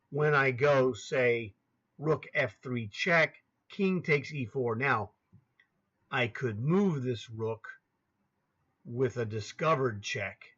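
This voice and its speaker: Heard through a muffled laptop recording, a chess coach in his sixties walks a student through a screen-shared board, chatting easily, reading off square names and grumbling to himself from time to time. His medium-pitched voice has a fairly bright tone and a slight roughness.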